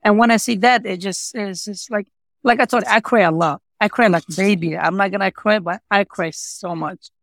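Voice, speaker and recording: A man with a high-pitched, creaky, fairly bright voice speaks at a moderate pace, with no room sound. As an interview guest who runs a pizza shop, he tells his personal story in earnest, non-native English with broken grammar, repeating himself and filling pauses with "you know, like," heartfelt throughout.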